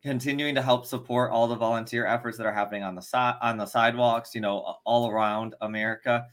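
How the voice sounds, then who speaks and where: A man co-hosting a casual podcast, talking in a relaxed way with many fillers. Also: medium pitch, quick pace. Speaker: co-host.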